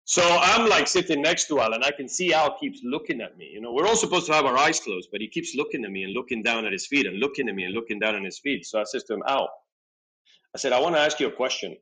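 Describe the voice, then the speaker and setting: A middle-aged man recounting a personal story as a podcast guest. His voice is animated, jumping between his own lines and the people he quotes, and he peppers his speech with casual fillers. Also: medium pitch, fast, rough recording. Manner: animated, acts out dialogue, frequent "you know".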